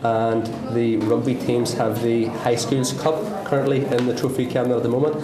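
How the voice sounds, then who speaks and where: A man's voice: medium pitch, little pitch movement, moderate pace. A male PE teacher, answering interview questions hesitantly with lots of ums and restarts. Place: busy school hall at an open night. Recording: echoey hall with crowd chatter.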